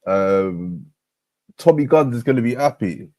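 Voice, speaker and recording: A man's voice: medium pitch, lively intonation, measured pace, dark tone, no echo. A man hosting a call-in stream, talking in a laid-back way with chuckles. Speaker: host. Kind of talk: casual stream chat.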